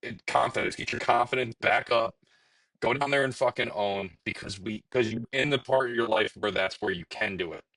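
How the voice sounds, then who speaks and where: A young man rants on a casual podcast, swearing often and sounding fed up with his team. His voice sits at an ordinary pitch, and it is recorded close and dry with no room sound. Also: a little fast, fairly bright tone, dry recording, rough recording. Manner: profane, ranting, exasperated. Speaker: podcast co-host. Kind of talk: casual chat.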